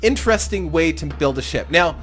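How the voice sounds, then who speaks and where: This gaming YouTuber runs a tournament channel and talks fairly quickly, animated and casual, poking a little fun at himself while he commentates. His pitch sits a bit high and moves around a lot. Game music plays faintly in the background.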